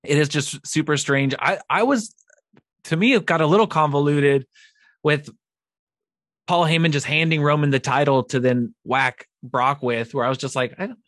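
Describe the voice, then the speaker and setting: A man's voice: fairly high pitch, fairly even intonation, moderate pace, fairly bright tone, dry recording. A man co-hosting a casual wrestling podcast, swearing freely and trailing off mid-thought. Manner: laughing, profane, trailing off. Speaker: podcast co-host.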